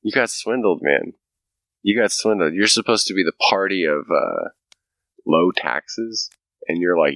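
Brief: very deep-voiced male podcast host, profane and ranting, dry close sound. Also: very animated, measured pace, creaky, a bit bright, no room sound. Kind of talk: casual chat.

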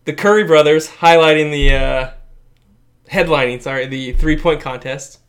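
A man co-hosting a casual sports chat, rambling and correcting himself as he goes. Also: fairly high pitch. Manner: rambling, self-correcting, quick to laugh. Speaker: podcast co-host.

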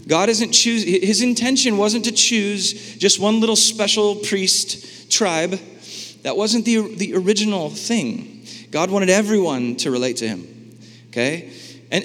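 A man preaching a sermon in a lively, conversational way, asking his congregation questions and acting out the voices in the scripture. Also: high voice, moderate pace. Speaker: pastor. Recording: long hall reverb.

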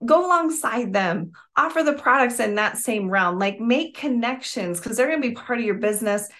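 A woman's voice: a little high, lively intonation, normal speed, fairly bright tone. Gushing chatty woman on a video call. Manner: gushing, chatty, full of "oh my gosh". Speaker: network marketing trainer. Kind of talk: casual motivational training call.

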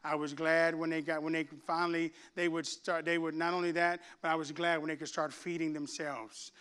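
A middle-aged man preaching a sermon from the pulpit, his voice high for a man and smooth and resonant. He mixes relaxed, joking stories with bursts of loud, fervent preaching to a congregation in the sanctuary. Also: a little fast. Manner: rising to loud, fervent preaching with humorous asides. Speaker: pastor. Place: church sanctuary before a congregation.

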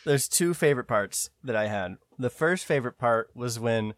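A man co-hosting a podcast in casual chat, animated and sometimes breaking into shrill mocking voices. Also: normal speed, dry recording. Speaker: podcast co-host.

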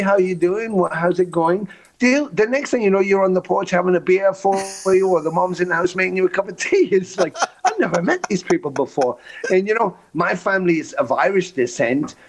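A man, a touring musician, telling long road stories in a podcast chat, swearing casually and acting out the voices of people he quotes. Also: fairly high pitch. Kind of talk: animated storytelling in conversation.

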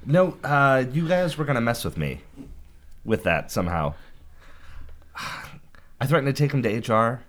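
A man telling blunt, animated work stories in a casual podcast chat. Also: mid-range voice, moderate pace, long pauses. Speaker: podcast co-host.

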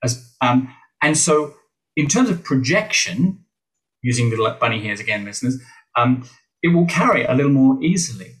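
A man's voice: mid-range voice, lively intonation, normal speed, fairly bright tone, rough recording. A middle-aged Australian man, a voice teacher, talking animatedly in a podcast interview, with playful asides to the listeners. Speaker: guest, voice teacher.

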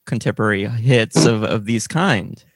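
A man's voice: lowish voice, moderate pace, no echo. Dry-sounding man teasing on a call. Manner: teasing, probing questions. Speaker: podcast co-host. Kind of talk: casual chat. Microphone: video call.

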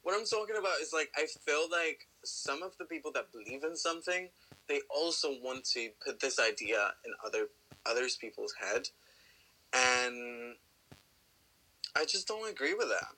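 Bright-voiced laughing man. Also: medium pitch, lively intonation, normal speed, poor audio. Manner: laughs often, teasing, chatty. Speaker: podcast co-host. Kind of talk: casual comedic chat.

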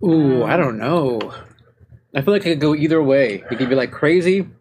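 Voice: mid-range voice, lively intonation, normal speed, a little mellow, slight background noise. Easygoing co-host chatting. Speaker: podcast co-host. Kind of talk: casual chat.

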